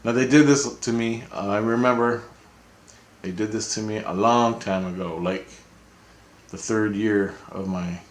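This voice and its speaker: A man vlogging, telling a rambling personal story with chuckles. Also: fairly low pitch. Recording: roomy echo.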